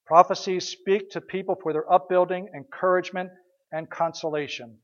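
Male pastor, high voice, conversational sermon with rhetorical questions, dull lo-fi recording. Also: fairly even intonation, moderate pace, fairly bright tone. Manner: conversational storytelling, repeats words, rhetorical questions.

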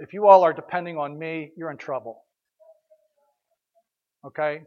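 High-voiced pastor preaching casually. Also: male voice, normal speed, long pauses, highs cut off. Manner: conversational storytelling, repeats words, rhetorical questions. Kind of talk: sermon.

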